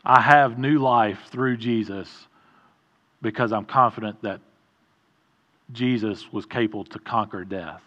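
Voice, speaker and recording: Halting, conversational male preacher. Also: on the low side, fairly bright tone, highs cut off. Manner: conversational, halting with restarts and asides. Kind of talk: informal sermon.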